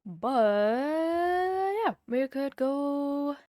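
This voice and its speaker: A woman's voice: high-pitched, lively intonation, extremely slow, darkish tone. A woman chatting playfully and insistently while playing a roleplay game with friends. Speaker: streamer playing a roleplay server. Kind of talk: casual gaming chat.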